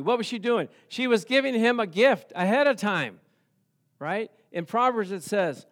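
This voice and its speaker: A man with a high speaking voice preaches a sermon. He tells the story in an animated way, throwing rhetorical questions at his listeners and chuckling as he goes. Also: moderate pace. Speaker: pastor.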